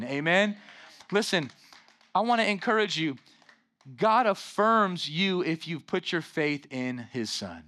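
Bright-toned animated preacher man. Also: sits high, unhurried. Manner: animated preaching with call-and-response "amen". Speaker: pastor. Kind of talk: sermon.

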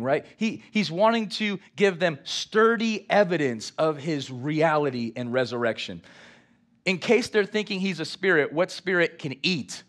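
A man preaching a sermon, reading scripture and drawing responses from the congregation. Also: on the high side. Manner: lively, engages congregation with call-and-response. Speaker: pastor.

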